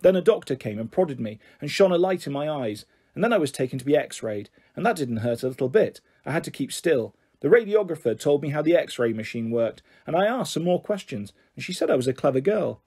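Man, children's book reading, gentle storyteller, slightly high voice, husky. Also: very animated, a little fast, few pauses.

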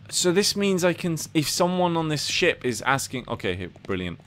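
A man streaming a video game, chatting casually, reading its text aloud, swearing and yelping with excitement. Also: moderate pace, hardly any pauses. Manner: excitable, swears and laughs, jumps into high yelps. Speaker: livestreaming gamer. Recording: game music playing under the voice. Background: game music.

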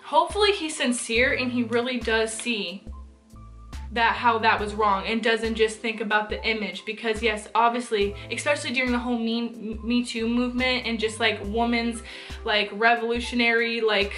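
A woman's voice: a little high, steady tone, normal speed, a bit bright, soft background music. A young woman giving her opinions in a casual commentary vlog, chatty and full of fillers. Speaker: vlogger.

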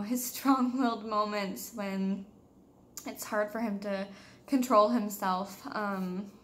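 Chatty young mom vlogger, slow pace. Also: female voice, mid-range voice, slight background noise. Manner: candid, lots of "like" and "um" fillers. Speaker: vlogger, mother. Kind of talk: casual storytelling.

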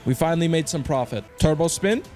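A man hosting his own channel, commenting excitedly to viewers with slang, swearing and loud outbursts. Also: fairly high pitch, brisk, faint music behind. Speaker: slots streamer host.

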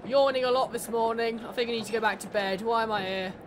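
A woman's voice: on the high side, fairly even intonation, quick pace, noisy background. A woman commentating her horror game playthrough, sarcastic, swearing and laughing at the characters. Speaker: gamer. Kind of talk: let's play commentary.

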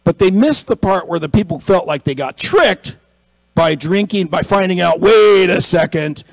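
A man's voice: high-pitched, normal speed, dry recording, poor audio. A man preaching a conversational sermon, telling a story and acting out the people in it, then building to an emphatic exhortation. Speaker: pastor.

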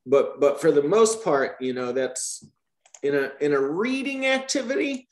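A man's voice: a little high, measured pace, reverberant. A man explaining teaching methods to trainee teachers in a Q&A, often checking with "right?". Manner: lively, repeats "right?" to check understanding.

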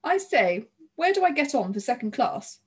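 A nervy, polite young gentleman who stumbles a little over his words, played by a woman in an audiobook. The voice stays breathy and mild. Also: a little high, expressive, fairly quick. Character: thin, unsettled young Englishman.

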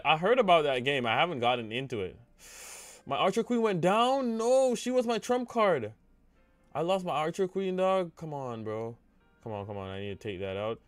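Excitable young male game streamer. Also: medium pitch, smooth. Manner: excitable, talks to chat, cries out when things go wrong. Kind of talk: live gameplay commentary.

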